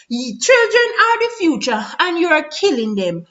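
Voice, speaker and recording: Jamaican woman vlogger, high bright voice, sing-song pleading lament on a dull lo-fi recording. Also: very animated, normal speed, few pauses. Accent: Jamaican Patois. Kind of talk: spoken-word lament.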